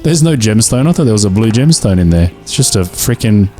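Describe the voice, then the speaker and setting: A man hosting a gaming video, chatting casually and jokingly as he plays, talking to the game's characters with sudden bursts of excitement. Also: on the low side, fairly quick, faint music behind. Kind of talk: casual gameplay commentary.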